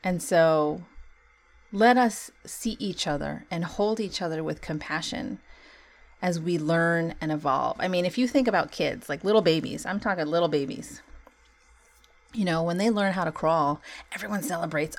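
A woman's voice: on the low side, normal speed. A woman hosting a solo talk, speaking earnestly and conversationally about compassion and spiritual growth, often saying "you know" and breaking into laughter. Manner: many "you know" fillers.

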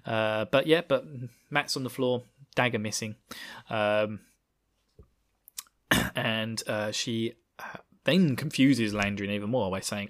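Male podcast host, casual and animated, slangy storyteller with a middle-pitched voice. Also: measured pace. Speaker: podcast host recapping a book. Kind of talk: casual chat.

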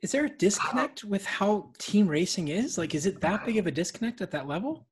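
A man hosting a podcast interview, chatting eagerly in quick asides. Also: sits high, big pitch swings, breathy edge. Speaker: podcast host. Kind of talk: casual interview chat.

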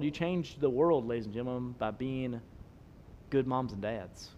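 A man, preaching a sermon, swinging between loud emphasis and soft low asides. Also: normal speed. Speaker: pastor.

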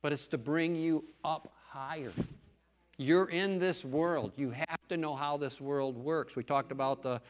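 A man's voice: fairly high pitch, fairly even intonation, moderate pace, hardly any pauses. A middle-aged man, a farmer and lay preacher, giving an earnest, folksy testimony talk in church with emphatic stresses.

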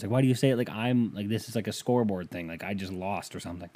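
Speaking quickly and expressively, this podcast host from the United States reads listener emails on his casual solo show, cursing freely and wandering off topic. His voice sits on the low side with a slightly mellow quality, and he comes across as sarcastic, profane and rambling.

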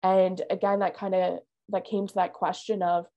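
A woman's voice: fairly low pitch, level tone, normal speed, dark tone, highs cut off. Earnest young woman telling her story. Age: 20s. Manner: candid, earnest, many fillers like "you know" and "like". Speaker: guest. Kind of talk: personal storytelling interview.

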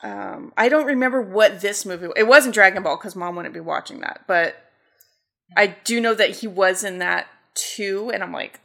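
A woman's voice: mid-range voice, normal speed, creaky, sharp tone. A woman in a mid-range voice tells a meandering story for a podcast. She thinks aloud and circles back on her words. The chat is loose and unscripted. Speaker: podcast co-host. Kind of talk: casual chat.

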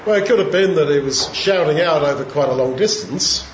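A man giving an informal, reflective Bible teaching in a conversational way, pausing with fillers as he thinks. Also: a little high, lively intonation, a little hiss or hum. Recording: roomy, dull lo-fi sound.

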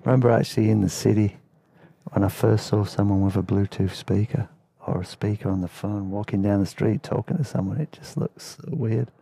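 English bloke telling his backpacker stories, laid back and candid, gravelly mellow voice. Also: fairly low pitch, fairly even intonation, fairly quick, dry recording. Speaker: storyteller. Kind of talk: reflective travel memoir narration.

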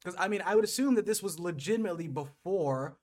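A man chats through a show recap as a podcast co-host. He sits a little higher in pitch than most men, and his delivery is loose and profane, with plenty of fillers and restarts along the way. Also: expressive, quick pace, darkish tone. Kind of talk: casual recap chat.

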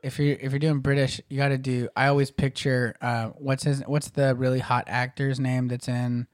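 A man's voice: medium pitch, flat delivery, moderate pace, no room sound. A man with a mid-range voice co-hosting a podcast, teasing his friends and cursing casually. He is recorded dry and close on the mic. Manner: teasing, swears freely. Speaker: podcast co-host. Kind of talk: casual chat. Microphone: studio mic.

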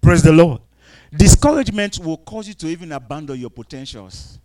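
A man preaching a sermon, dropping to quiet asides and rising to loud, drawn-out scripture readings, asking the congregation to answer back. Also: on the high side, animated, rough recording. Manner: calls out to the congregation for responses.

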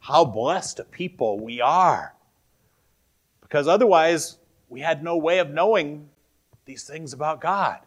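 A man's voice: a little high, expressive, unhurried. A man as pastor, preaching an earnest, emphatic sermon and quoting scripture.

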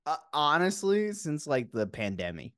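A man's voice: a little high, sing-song, normal speed, a bit bright. A man co-hosting a podcast in casual chat, laid-back and laughing a lot, swearing freely. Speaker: podcast co-host.

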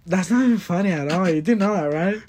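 Young male co-host, high pitch, playful and defensive in casual banter. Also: fast talker, darkish tone. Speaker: podcast co-host. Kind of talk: casual banter between friends.

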